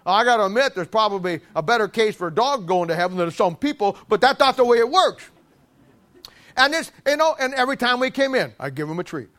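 A male preacher with a high voice delivers a sermon in an animated, joking way. He stammers over restarts and acts out little scenes as he goes. His tone is bright and forceful throughout. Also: a little fast.

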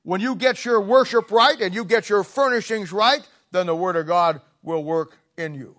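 A man preaching a sermon with a blunt, scolding, plain-spoken manner, swinging from quiet murmurs to loud emphatic peaks. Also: high voice, moderate pace.

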